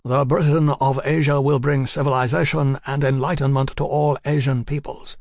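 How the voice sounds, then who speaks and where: A man voicing an earnest, idealistic young foreign envoy who speaks in slow, emphatic declarations. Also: medium pitch, level tone, a little mellow, no room sound, clean studio sound, natural voice.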